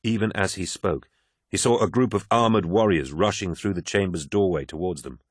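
A man narrates an audiobook in a low voice, reading with measured drama. The sound is close and dry, with no room around it. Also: husky, dry recording. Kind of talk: scripted narration.

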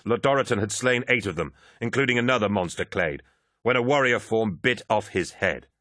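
A man's voice: on the low side, a little fast, fairly bright tone, no room sound, studio quality. A man narrating a military science fiction audiobook, reading battle scenes dramatically. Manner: dramatic, vivid action reading.

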